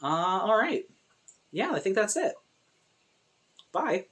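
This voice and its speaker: Animated young woman, pitch all over. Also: takes it slowly, heavy background noise. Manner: animated, sarcastic, lots of fillers. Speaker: video essay host. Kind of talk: casual movie recap commentary.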